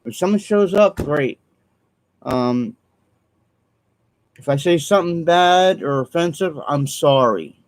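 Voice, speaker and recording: A man's voice: on the high side, lively intonation, slow, long pauses, slight background noise, rough recording. Earnest rambling man vlogging. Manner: earnest, repetitive, apologetic, trailing off with ums. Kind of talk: rambling solo vlog monologue.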